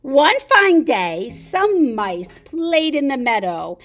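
Sing-song librarian reading to babies. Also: female voice, a little high, takes it slowly, few pauses, a little hiss or hum. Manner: animated sing-song read-aloud. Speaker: children's librarian. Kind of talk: reading picture books and rhymes to babies.

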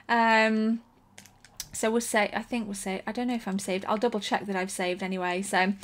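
A young woman giving live commentary on her game, excitable and jumpy, gasping and swearing freely as she plays. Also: medium pitch, moderate pace. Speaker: streamer playing a retro shooter.

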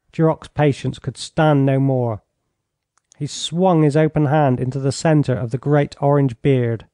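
A man with a mid-range voice narrates an audiobook from a script, speaking close to a studio mic. His storytelling is measured and even, and the recording is dry.

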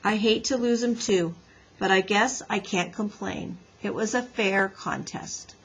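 A woman's voice: medium pitch, a little slow, fairly bright tone, slightly rough, poor audio. A woman voicing a polite, earnest boy who owns the dog's rival claim. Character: strange boy, polite and defensive.

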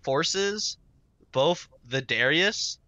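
A man with a hoarse voice casting esports play-by-play with excitable energy, coughing now and then. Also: on the high side, very slow, dry recording. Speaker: esports caster. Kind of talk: live esports commentary.

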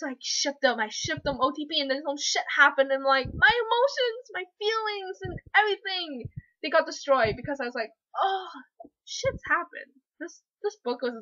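A young woman reviewing a book in a casual vlog, gushing and rambling with excitement. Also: high voice, highs cut off.

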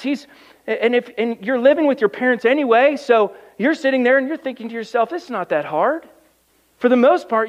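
High-voiced man preaching a sermon. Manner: conversational preaching with rhetorical questions. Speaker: pastor. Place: church sanctuary.

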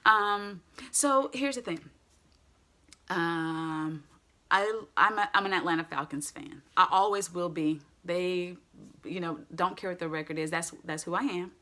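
A middle-aged woman preacher giving a sermon in an animated, emphatic way, laughing often. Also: lowish voice, unhurried.

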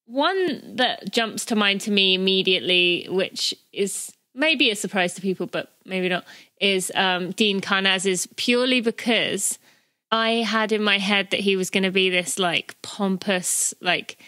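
A woman hosting a running podcast, chatting easily with a friend. Her voice is bright and forward, and the recording is close and dry with no room sound. She talks in loose, filler-heavy runs and acts out lively quotes. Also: medium pitch, measured pace, dry recording. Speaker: podcast host. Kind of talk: casual chat between friends.

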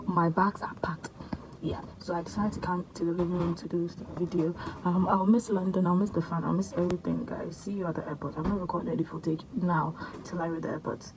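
A young woman vlogging to her phone in a living room, emotional and soft-spoken, at times dropping to a whisper. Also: lowish voice, background noise. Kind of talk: emotional travel vlog to camera.

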